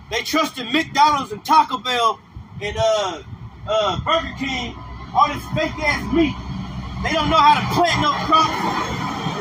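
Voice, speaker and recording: High-voiced, confrontational street preacher man. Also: far from the mic, background noise. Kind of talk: livestreamed street sermon.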